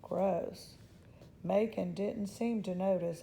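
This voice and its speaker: A woman reading a children's novel aloud in a gentle, unhurried storytelling voice. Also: medium pitch, steady tone, creaky, slight background noise, low-quality recording. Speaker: storybook reader.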